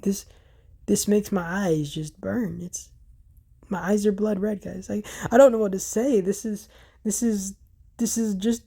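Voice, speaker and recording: A man hosting a gaming channel, giving casual gameplay commentary in an excitable, exasperated way, often restarting his sentences and talking to viewers as guys. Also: sits high, slow pace, pauses often, husky.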